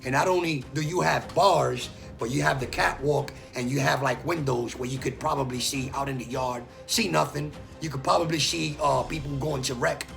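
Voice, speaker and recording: A man telling a story from his own life in a loose, animated way, acting out the people he quotes and swearing freely. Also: medium pitch, moderate pace, vocal fry, hardly any pauses, soft background music. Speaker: storyteller recounting prison life. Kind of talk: casual storytelling monologue.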